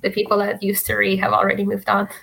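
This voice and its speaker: A woman's voice: medium pitch, monotone, fast, creaky, fairly bright tone, husky. A woman in her twenties from Russia with a Russian accent and a California upspeak lilt, chatting wryly as a podcast guest. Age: 20s. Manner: California upspeak, wry and joking. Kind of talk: casual chat.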